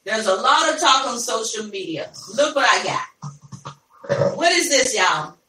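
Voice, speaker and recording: A woman's voice: a little high, sing-song, a little slow, bright, forceful tone, a little hiss or hum. A woman hosting a live podcast, chatting casually with listeners, calling them y'all and laughing easily. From Ohio, USA. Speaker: podcast host. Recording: echoey room, voice from a distance.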